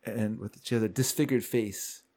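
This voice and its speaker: A podcast co-host with a voice on the low side recaps a show in casual conversation, speaking at a moderate pace. His storytelling is lively, and he acts out the characters' lines as he narrates the plot.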